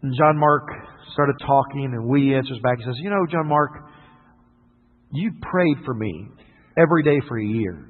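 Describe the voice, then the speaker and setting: A middle-aged man preaching a sermon as a story, swinging between loud and quiet. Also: mid-range voice, lively intonation, normal speed. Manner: storytelling with dramatic swings in loudness. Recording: tinny phone-like sound in a reverberant hall.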